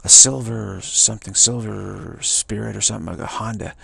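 A man from California casually telling a rambling personal story, full of repeats and fillers, acting out others' lines in a higher voice. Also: fairly even intonation, normal speed, vocal fry, sharp tone, breathy edge, no room sound. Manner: digressive, repeats words, many "you know" and "like"; acts out other people's quoted voices in a higher pitch.

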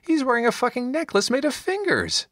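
A man's voice: measured pace, dry recording, studio quality, close to an everyday voice. A man voicing an exasperated, pleading knight in an audiobook, the voice of reason among zealots. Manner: pleading, exasperated, higher-pitched.

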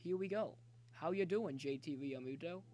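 A man streaming a baseball video game, talking chattily to viewers and yelling excitedly at the plays. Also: fairly high pitch, moderate pace. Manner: excitable, cheers and yells at the game; talkative, jokey banter with viewers. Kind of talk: live gameplay commentary.

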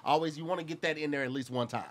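A man hosting a podcast, joking around in a relaxed, slangy way. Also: a little high, very fast. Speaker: podcast host. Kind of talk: casual chat.

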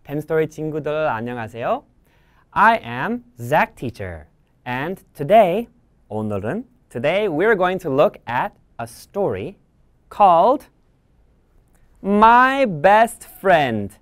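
Woman teacher reading to kids, gaspy and animated, lower pitch. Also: quick pace, dry recording, studio quality. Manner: animated, gasping, bilingual explaining. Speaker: English teacher. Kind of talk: reading a picture book aloud for children.

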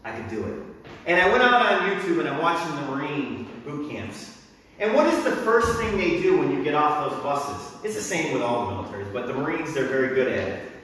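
A middle-aged man preaching a sermon as pastor, animated and bursting into shouts when he acts out crowds and drill sergeants. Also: on the high side, a little fast, slight background noise. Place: church sanctuary. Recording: echoey hall, mic from a distance.

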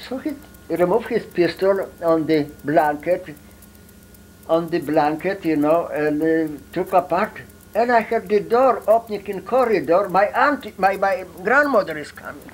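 Elderly Polish veteran, halting storyteller, slight room hum. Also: male voice, a little high, animated, rough recording. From Poland. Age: 80s. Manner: halting, broken English with many fillers. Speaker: war veteran interviewee. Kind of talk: storytelling in an interview.

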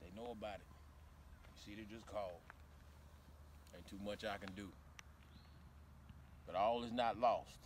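An actor playing a loud, bossy football coach in a web series, barking orders in folksy slang. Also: male voice, lowish voice, steady tone, measured pace, pauses often, distant mic, slight background noise, close to an everyday voice. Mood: stern.

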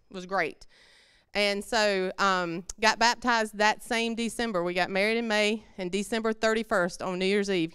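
A woman's voice: mid-range voice, a bit bright, clear, resonant tone, no room sound, clean studio sound. A woman, telling her personal faith story in a church service in a conversational, heartfelt way. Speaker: church member giving testimony.

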